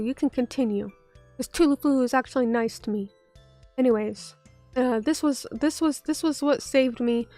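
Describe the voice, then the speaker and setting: A young woman with a high voice that bronchitis has made hoarse, chatting loosely on a live stream. She trips over her words, swears freely and answers her chat. Faint music plays under a close, dry microphone. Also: no echo. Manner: rambling, self-interrupting, swears, talks back to chat. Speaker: VTuber streamer.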